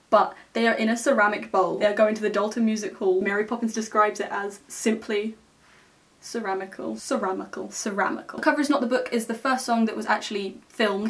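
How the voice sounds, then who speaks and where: Young woman gushing about a movie, chatty, keeps going "okay?", sounds a little far from the mic. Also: mid-range voice. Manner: enthusiastic, chatty, often ends points with "okay?". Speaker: film vlogger. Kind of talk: casual film review monologue.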